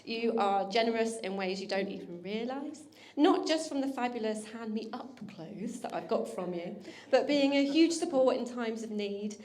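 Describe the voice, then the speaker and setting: A woman's voice: fairly high pitch, normal speed, hardly any pauses. A young woman, the bride's older sister, giving a teasing, affectionate wedding speech and laughing often. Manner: warm teasing, laughing often, getting emotional. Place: wedding reception hall.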